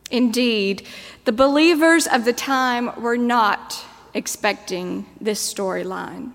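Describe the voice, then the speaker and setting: Woman preacher giving a sermon, unhurried and a little high in pitch, telling a story in a long church reverb. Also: a bit bright. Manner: measured, storytelling delivery.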